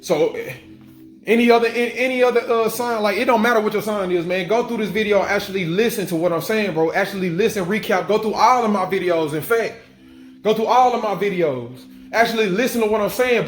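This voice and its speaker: A man giving an emphatic, repetitive spiritual monologue to his viewers, restating each point and swearing casually. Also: sits high. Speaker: spiritual vlogger. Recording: echoey room with faint music.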